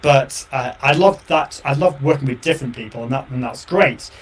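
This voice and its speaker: A man's voice: mid-range voice, normal speed, husky. A man hosting his own live show and podcast, talking casually and enthusiastically to his viewers, with frequent repeats and fillers. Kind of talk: solo casual chat to viewers.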